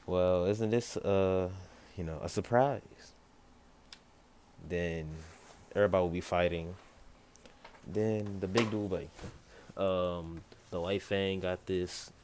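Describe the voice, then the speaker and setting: Deep-voiced man rambling through a fan story. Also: background noise. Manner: rambling, self-correcting, with quick asides to a child nearby. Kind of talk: casual spoken fan story.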